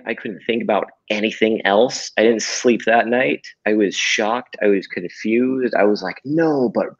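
A man, a hypnotist guest, telling a story casually and animatedly, with lots of fillers and some swearing, over a video call. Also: mid-range voice. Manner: animated, profane, filler-heavy. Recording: dull lo-fi audio.

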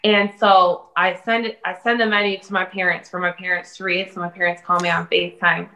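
A woman chef talking as a guest on a video call, telling lively, swear-laced stories and mimicking her family's voices. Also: fairly low pitch, brisk, rough recording. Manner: animated storyteller who swears casually and mimics family voices. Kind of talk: casual video-call chat.

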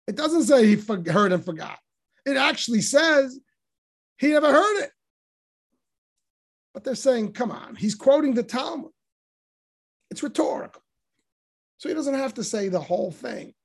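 A man's voice: high voice, gravelly. A man teaching a text study class on religious commentary, explaining with emphatic rhetorical questions and rising voice on quotations. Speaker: Torah teacher.

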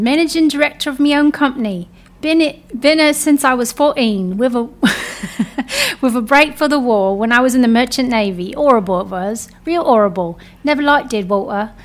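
A woman's voice: a little high, close to an everyday voice. A woman voicing a boastful older male London market trader, reading aloud in a shaky put-on Cockney accent.

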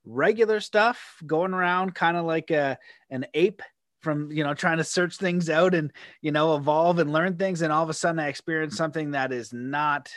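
A man's voice: on the high side, fairly even intonation, moderate pace, a bit bright, no echo, studio quality. A man hosting a podcast interview, telling stories in a loose, rambling way and slipping into playful paraphrased quotes. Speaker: podcast host. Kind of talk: casual conversational interview.

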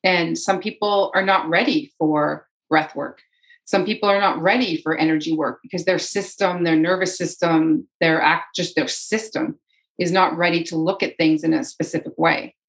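A woman with a fairly low voice talks through spiritual ideas as a guest on a podcast. She explains earnestly and circles back on her own phrases for emphasis. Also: fairly even intonation, normal speed, rough recording. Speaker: energy healer, podcast guest. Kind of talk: conversational interview.

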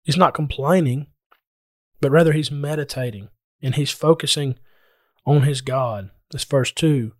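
A man's voice: medium pitch, measured pace, no room sound, clean studio sound. A man preaching a sermon in an earnest, explanatory way, speaking directly to his listeners.

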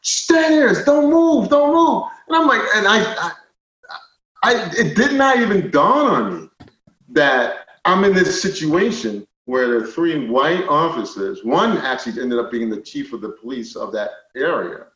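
A man telling a personal story as a podcast guest, animated, moving from quiet stretches to loud indignant retellings. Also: fairly high pitch, measured pace. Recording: roomy, slightly dull podcast audio.

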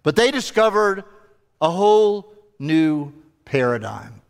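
A man's voice: a little high, big pitch swings, slow pace, vocal fry, long reverb tail. A man preaching a sermon as pastor, earnest, building through repeated phrases and rhetorical questions. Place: church sanctuary.

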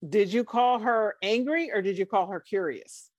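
A woman's voice: mid-range voice, normal speed, a crowd in the background. A woman co-hosting a casual chat, making her points firmly and asking pointed questions. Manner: emphatic, coaching tone, asks pointed questions.

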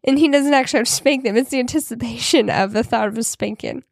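A woman's voice: on the high side, fast talker, gravelly, dry recording, clean studio sound. A woman co-hosting a podcast, talking in casual chat with many fillers. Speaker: podcast co-host.

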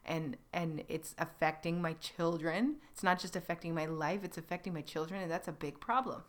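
A woman in her thirties hosting a podcast, telling her personal story in a halting, reflective way with many pauses and restarts. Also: fairly low pitch, steady tone. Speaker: podcast host.

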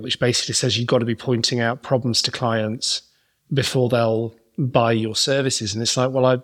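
A man hosting a business podcast, talking in a thoughtful, rambling way with fillers and restarts. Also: medium pitch. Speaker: podcast host. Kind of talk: conversational interview and wrap-up.

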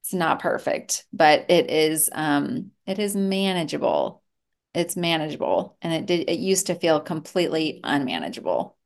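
A woman's voice: low-pitched, expressive, normal speed, vocal fry. A middle-aged woman, a therapist and mother, talking candidly and reflectively as a guest in an interview. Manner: candid and reflective, with many restarts. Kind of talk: casual conversational interview.

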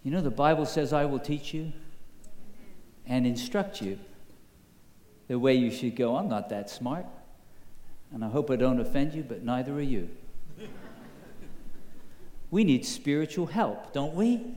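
A man preaching a sermon, telling a story slowly and building to emphatic high points. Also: lively intonation, warm tone. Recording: echoey hall with long reverb.

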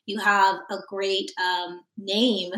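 Woman on a podcast, excited, lots of likes and ums, roomy echo. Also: mid-range voice, slow pace. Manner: enthusiastic, filler-heavy. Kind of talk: casual podcast chat. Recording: echoey room.

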